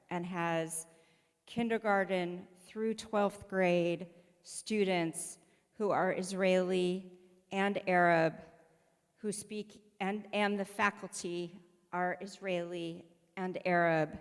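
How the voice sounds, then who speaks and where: A woman rabbi with a fairly low, clear and resonant voice preaches in a synagogue sanctuary, telling personal stories conversationally and imitating the people she quotes. The sound carries the long reverb of a large hall.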